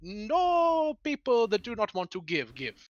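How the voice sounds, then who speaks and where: A man's voice: high-pitched, huge pitch swings, measured pace, muffled recording, voice pushed up, exaggerated voice. A man voicing a short, proud mobster chef who serves demon lords, with theatrical mock-Italian flourish. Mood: indignant.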